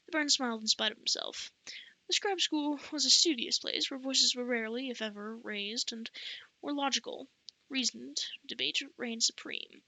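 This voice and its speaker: A woman's voice: fairly high pitch, moderate pace, sharp tone, no echo, rough recording. A woman reading a novel aloud as an amateur audiobook narrator, often stumbling and restarting words. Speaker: audiobook reader.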